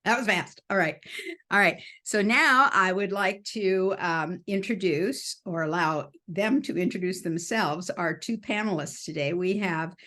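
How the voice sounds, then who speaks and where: A woman hosting an online clinic over a video call, introducing panelists in a measured, unhurried way with pauses. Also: on the low side, pushed and bright.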